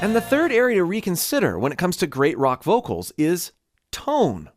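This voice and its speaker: A man's voice: high voice, moderate pace, loud music behind the voice. A man, a vocal coach, explaining singing techniques and demonstrating them with his own voice. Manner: expressive, demonstrates with voice.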